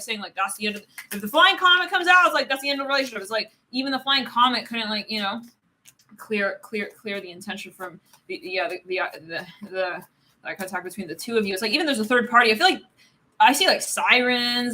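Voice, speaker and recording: Bright-voiced rambling woman tarot reader. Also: on the high side, slight background noise. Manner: rambling, filler-heavy, swears and laughs often. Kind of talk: casual live tarot reading.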